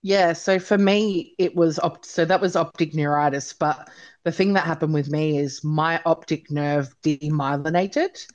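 Speaking unhurriedly in a deep voice, a woman from Australia in her thirties shares her story as an interviewee. She's animated and talkative, leaning heavily on "like" and "you know."

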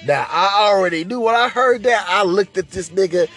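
Guy telling a wild story on his podcast, cussing a lot, high and lively, bit of music under it. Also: moderate pace. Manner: profane, animated, laughing, slangy. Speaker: podcast host. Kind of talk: casual storytelling.

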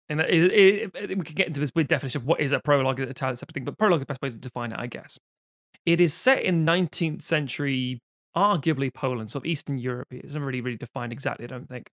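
A man's voice: medium pitch, fairly bright tone, no room sound, studio quality. A man co-hosting a podcast, chatting casually and animatedly with many restarts and swearing. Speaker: podcast co-host. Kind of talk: casual film discussion.

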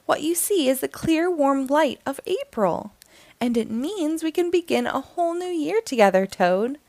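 Woman putting on a high eager frog, excited calling, lively pitch, dry sound. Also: normal speed, no room sound. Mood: pleading. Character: eager cheerful young male frog.

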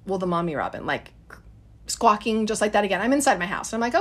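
A woman's voice: mid-range voice, very animated, fast talker, fairly bright tone. A woman in her thirties telling a story in a casual, chatty way, addressing listeners as guys.

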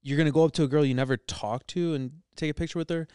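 A man's voice: a little high, steady tone, quick pace, dark tone, clear, resonant tone, no echo, clean studio sound. A young man hosting a podcast who jokes around, swears freely and retells stories with quoted lines. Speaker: podcast host. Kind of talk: casual chat.

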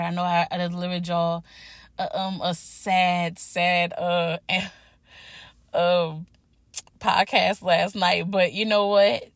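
A woman's voice: on the low side, steady tone, extremely slow, pauses often, fairly bright tone, no room sound. Chatty young woman podcasting, dry close sound. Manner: candid, chatty, swears freely, lots of restarts. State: out of breath after a workout. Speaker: podcast host. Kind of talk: casual solo podcast talk.

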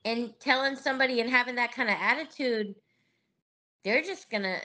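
A woman's voice: fairly high pitch, moderate pace, sharp tone. A middle-aged woman telling candid stories as a podcast guest, laughing often and acting out what others said. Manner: candid, laughing, acts out quoted voices. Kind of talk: casual interview storytelling.

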